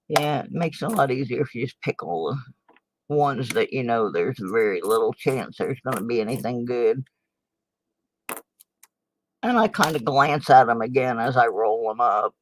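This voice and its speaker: A woman's voice: very deep voice, slight background noise, poor audio. An older woman hosting a casual livestream, chatting and muttering asides to herself at her desk while she sorts coins. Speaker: channel host, coin roll hunter. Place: home desk in a small town.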